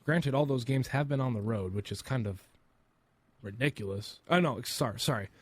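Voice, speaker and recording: A man's voice: medium pitch, moderate pace. A man co-hosting a sports podcast, casually rattling off stats and offering hot takes. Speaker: podcast co-host.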